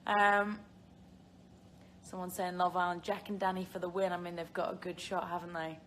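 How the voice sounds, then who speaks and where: A woman's voice: lowish voice, little pitch movement, moderate pace, a bit bright, a little hiss or hum. Chatty giggly British young woman. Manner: chatty and giggly, rambling with many fillers. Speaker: live-stream host answering viewer questions. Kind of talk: casual live-stream chat.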